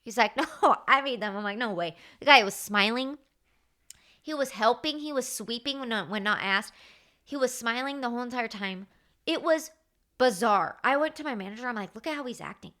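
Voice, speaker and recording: A woman, hosting her own podcast and telling work stories in a chatty, animated way, acting out what others said. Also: a little high, moderate pace. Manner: animated, chatty, acts out quoted dialogue. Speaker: podcast host. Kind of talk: casual storytelling monologue.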